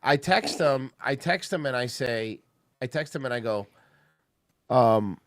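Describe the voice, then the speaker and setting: A man's voice: medium pitch, animated, unhurried, no room sound, studio quality. A man co-hosting a podcast, telling a story in casual chat with lots of restarts. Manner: rambling, restarts a lot. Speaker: podcast co-host.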